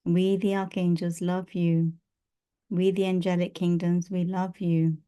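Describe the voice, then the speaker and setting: A woman channeling a loving, protective male archangel, speaking in slow, repetitive blessings. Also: lowish voice, flat delivery, dark tone, clear, resonant tone, natural voice. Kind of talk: spiritual channeling.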